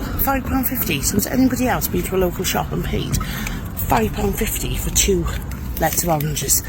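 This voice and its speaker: A woman ranting to camera in an outraged way. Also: fairly low pitch. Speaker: vlogger. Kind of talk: casual rant to camera. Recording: loud street noise.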